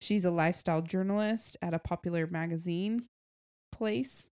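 A woman's voice: fairly low pitch, moderate pace, a little mellow, clear, resonant tone, no room sound, studio quality. A young woman co-hosting a book podcast in casual, bubbly chat, giggling often and saying "like" a lot. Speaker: podcast co-host.

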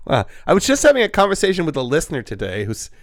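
Guy joking around on a podcast, bouncy pitch, dry close sound. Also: wildly swooping pitch, racing, dry recording. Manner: teasing, laughs often. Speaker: podcast co-host. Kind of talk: casual comedic podcast banter.

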